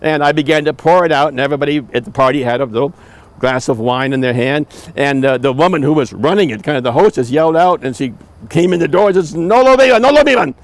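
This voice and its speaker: A man's voice: medium pitch, fast talker. A man in his seventies telling old stories in a rambling way, with many restarts and asides. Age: 70s. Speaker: returned volunteer telling stories. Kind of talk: oral history storytelling.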